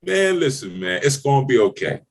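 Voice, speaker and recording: A man's voice: medium pitch, sing-song, a little fast. Blunt, fired-up male mentor. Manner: blunt, swearing, preachy, emphatic. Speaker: business mentor. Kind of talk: motivational podcast talk.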